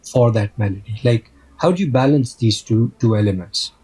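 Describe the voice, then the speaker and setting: A man with a husky, breathy voice speaks up in a roundtable chat. He puts a careful follow-up question to the group. He sounds like a guest songwriter. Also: medium pitch, expressive, moderate pace, dark tone.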